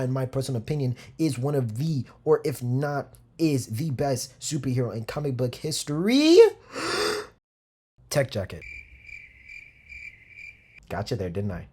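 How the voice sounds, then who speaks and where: A man's voice: mid-range voice, fairly quick, mellow, slightly rough, faint music behind. A young man hosting a casual commentary video, slangy and hyped, often repeating himself. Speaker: video essay host.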